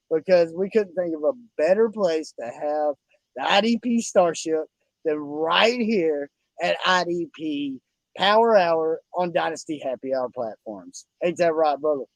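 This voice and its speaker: Effusive high-voiced Oklahoma country man. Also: measured pace, no room sound, low-quality recording. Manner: folksy, effusive, keeps calling the listener buddy and brother. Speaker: podcast host. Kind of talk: casual fantasy football chat.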